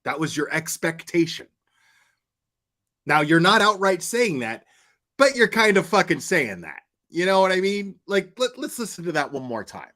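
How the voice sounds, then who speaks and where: Male commentator, slightly raised pitch; heated, profane, stammering reaction rants. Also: sing-song, moderate pace, sharp tone. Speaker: commentary streamer.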